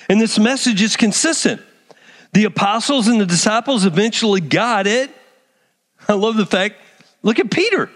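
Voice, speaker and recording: Animated high-voiced preacher man, church reverb. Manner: animated, calls people up on stage. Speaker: pastor. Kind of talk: sermon. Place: large church hall.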